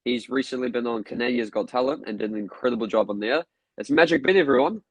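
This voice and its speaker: A young male podcast host with a middle-pitched voice, upbeat and friendly as he leads the interview. The sound is dry and close, with no room echo. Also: fast talker, breathy edge. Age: young adult.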